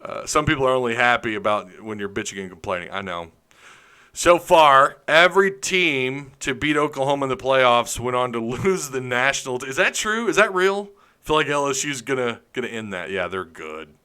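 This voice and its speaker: A man hosting a live sports podcast, ranting loudly with opinions and jokes, laughing often as he reads viewer comments. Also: medium pitch, animated, moderate pace, clear, resonant tone. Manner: loud, opinionated, joking rants with frequent laughs. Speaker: podcast host. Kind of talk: live-stream sports chat reading comments.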